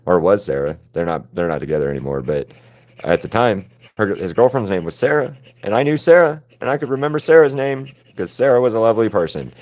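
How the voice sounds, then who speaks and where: A man's voice: lowish voice, animated, fairly quick, a little mellow. A man chatting casually with viewers while he paints on a live stream, rambling and laid-back and swearing freely. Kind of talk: casual livestream chat with viewers.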